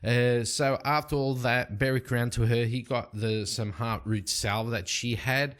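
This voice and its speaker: A man narrating and playing a solo tabletop game at a desk mic, rambling and relaxed with plenty of fillers. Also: medium pitch, a little slow. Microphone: desk microphone.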